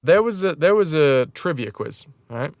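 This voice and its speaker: A man's voice: on the high side, big pitch swings, moderate pace, no room sound, clean studio sound. A British man chatting casually on a game livestream from home, joking and swearing freely. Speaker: game streamer.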